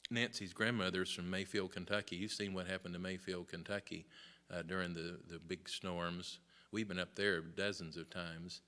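A man's voice: fairly low pitch, fairly bright tone. A middle-aged man teaching Sunday school, preaching on a Bible passage with folksy asides and mock back-and-forth with his listeners.

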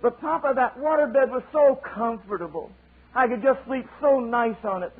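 A man voicing a whiny, frightened young male eaglet, pleading in a high childlike wail on an old sermon tape. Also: moderate pace, slightly rough. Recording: tinny lo-fi sermon tape with hiss.

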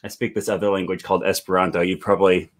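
A man's voice: deep voice, flat delivery, fast talker. A young man from Wisconsin, hosting an easygoing chat. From Wisconsin, USA. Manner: easygoing, many fillers and laughs. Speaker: host, language YouTuber. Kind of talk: casual interview.

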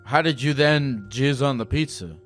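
A man's voice: mid-range voice, moderate pace, fairly bright tone, faint music behind. A man hosting a call-in show, pressing a caller with blunt, profane questions. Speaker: host.

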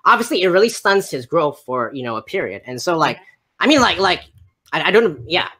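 A man's voice: on the high side, very animated, a little fast, sharp tone, slightly rough. Male stream guest, argumentative, stuttering restarts, keeps pushing the same question. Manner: argumentative, repetitive, stammering. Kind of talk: heated live-stream debate.

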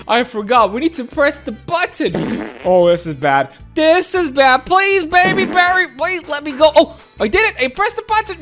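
A woman with a very high voice narrates her game run in a playful, excitable way. She giggles often and talks straight to her viewers. Soft music plays faintly underneath. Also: normal speed. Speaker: gameplay commentator.

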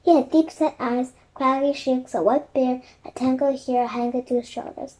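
High-voiced woman narrating a kids' chapter book aloud, gentle and quiet. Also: steady tone, moderate pace, hardly any pauses, low-quality recording. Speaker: storybook reader.

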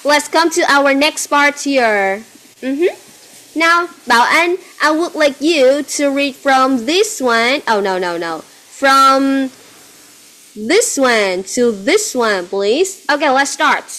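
A woman's voice: high-pitched, animated, slow pace, fairly bright tone. A woman teaching English to a child. She asks patient, repetitive yes-no questions and mixes in phrases. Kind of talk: one-on-one English lesson with a child.

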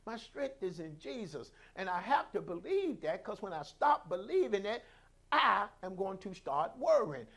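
A high-pitched man preaching a sermon from the pulpit. He swings between sudden shouts and soft, hushed lines, dropping in hallelujahs as he goes. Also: sing-song, normal speed. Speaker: pastor.

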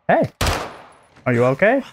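A man casually commentating while playing a shooter campaign, swearing, yelling and joking. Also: sits high, sing-song, unhurried. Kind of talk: casual let's-play commentary. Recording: game gunfire noise behind the voice.

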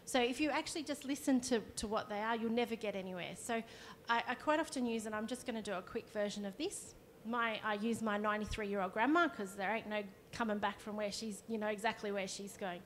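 A woman's voice: medium pitch, steady tone, a little fast, hardly any pauses, a bit bright. A woman, a counsellor giving a conversational workshop talk and demonstrating as she explains. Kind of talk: live presentation to an audience.

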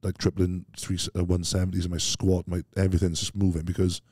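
Fast-talking deep-voiced man, chatty guest. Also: slightly rough, dry recording, studio quality. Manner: rambling, animated storytelling peppered with "mate". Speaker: podcast guest, strongman athlete. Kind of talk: casual interview chat.

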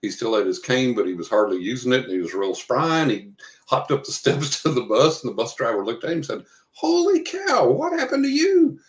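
Older man with a very deep voice. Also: fast. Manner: rambling anecdotes with many fillers and acted quotes. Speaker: guest, psychic investigator. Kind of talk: storytelling in an interview. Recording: echoey room.

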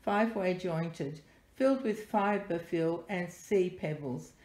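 A woman unboxing a parcel on camera as a doll collector vlogger, gushing and softly delighted, often dropping to breathy whispers. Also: on the low side, slow pace. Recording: echoey room with faint noise.

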